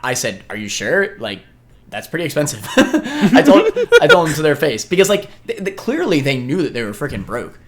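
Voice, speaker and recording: A young man on a casual podcast who tells stories at a steady pace, with a lot of "uh" and "like". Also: fairly high pitch, moderate pace, over a noisy crowd. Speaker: podcast co-host.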